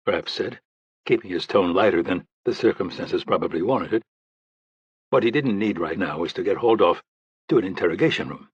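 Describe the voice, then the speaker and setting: Low, husky male audiobook narrator. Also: a little fast, no room sound, lo-fi sound. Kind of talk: scripted thriller narration.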